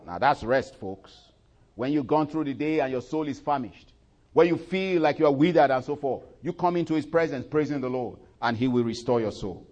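A man preaching a sermon at a medium pitch, his voice climbing loud and high whenever he recites scripture and dropping to a low murmur in his asides. He draws the congregation into call-and-response and closes in prayer. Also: moderate pace, highs cut off.

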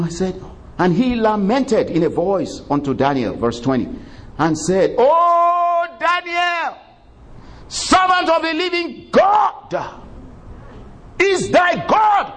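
A male preacher telling a story in a sermon, animated and conversational, laughing often and breaking into exclamations of praise. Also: sits high, slight background noise. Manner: conversational, many fillers.

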